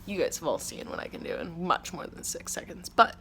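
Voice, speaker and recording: A woman's voice: fairly low pitch, sing-song, a little fast, a bit bright, in a whisper. A young woman hosting a casual confessional monologue, rambling and profane, full of "like", sometimes tearful. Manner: rambling, profane, emotional, with frequent "like". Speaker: podcast host. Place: outdoors at her home by a street.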